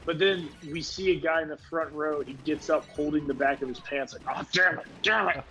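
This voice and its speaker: A man's voice: a little high, a little fast, fairly bright tone, slight background noise, poor audio. Tired, rambling man streaming a game. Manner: rambling, laughs often, says "like" a lot. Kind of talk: casual chat while gaming.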